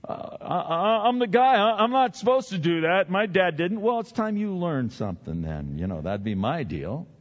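A man's voice: high voice, very animated, normal speed, few pauses. An older man preaching a sermon as pastor, chatty and self-deprecating, often repeating his words. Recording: dull sound with long hall reverb.

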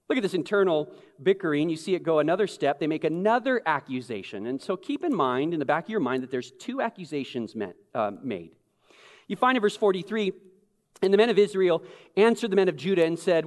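A man preaching a sermon, animated, swinging between loud exclamation and hushed emphasis. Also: sits high. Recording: long reverb of a large hall.

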